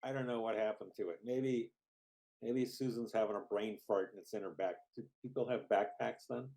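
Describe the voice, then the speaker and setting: Deadpan cheeky player, man. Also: lowish voice, fairly quick. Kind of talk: tabletop game role-play.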